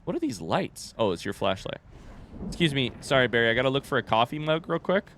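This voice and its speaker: A man's voice: medium pitch, very animated, fast talker, vocal fry, fairly bright tone, slight background noise. A young man giving casual, joking commentary while playing a video game, talking back to it and swearing. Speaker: gaming streamer.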